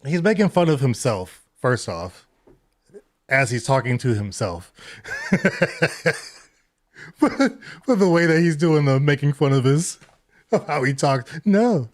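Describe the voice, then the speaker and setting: A man's voice: medium pitch, animated, slow pace, long pauses, dry recording, clean studio sound. A man giving rambling casual livestream commentary, laughing often and tripping over his words. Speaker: reaction streamer.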